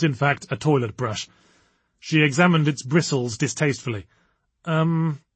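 Guy narrating a story, kinda husky, dry close mic, wry and measured. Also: medium pitch, no room sound. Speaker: audiobook narrator. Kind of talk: scripted narration.

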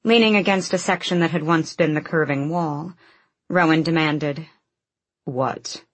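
A woman reading a fantasy novel aloud in an even, measured narration. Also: deep voice, dry recording. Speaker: audiobook narrator.

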